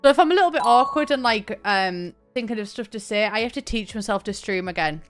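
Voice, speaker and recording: A woman's voice: mid-range voice, expressive, fairly quick, soft background music. A young woman chatting casually on a live stream, thanking viewers by name and laughing often. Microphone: desk mic, camera on.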